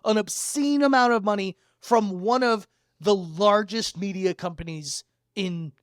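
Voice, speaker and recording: A young man co-hosting a casual podcast, animated and quick to laugh and swear. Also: sits high, clear, resonant tone, dry recording, clean studio sound. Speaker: podcast co-host.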